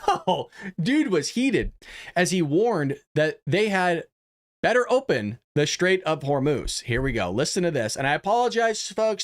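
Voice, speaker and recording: A man hosting a casual political commentary livestream, talking in a chatty, conversational way. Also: on the high side. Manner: chatty, conversational, lots of "you know what I mean". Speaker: host.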